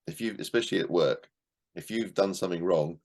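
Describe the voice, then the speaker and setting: A middle-aged man with a low, slightly mellow voice leads an online class discussion of a book at a brisk pace. His teaching is casual and conversational; he repeats words and acts out short quotes.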